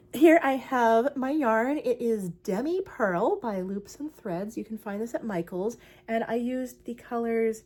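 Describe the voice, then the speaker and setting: A woman's voice: a little high, measured pace, hardly any pauses, a little mellow. A young woman talking casually about her crochet project, chatty and rambling, with lots of fillers. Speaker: crochet vlogger. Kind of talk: casual craft vlog chat.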